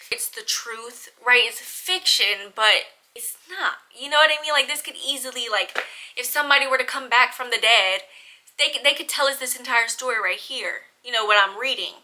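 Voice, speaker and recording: A woman's voice: fairly high pitch, moderate pace, bright, forceful tone, poor audio. A woman, chatting animatedly and emphatically as she reviews books on her vlog. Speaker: book vlogger. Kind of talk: casual book review chat.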